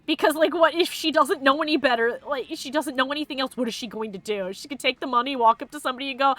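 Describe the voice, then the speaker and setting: A woman's voice: high-pitched, expressive, brisk, fairly bright tone. A woman streamer giving casual gameplay commentary, bubbly and joking, laughing often and acting out the characters' lines. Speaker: let's play streamer.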